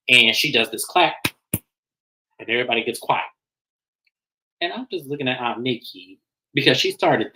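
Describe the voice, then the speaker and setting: A man casually recapping and reviewing a reality TV episode, animated and slangy, acting out what people said. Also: mid-range voice, low-quality recording. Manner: animated, acts out quotes, slangy.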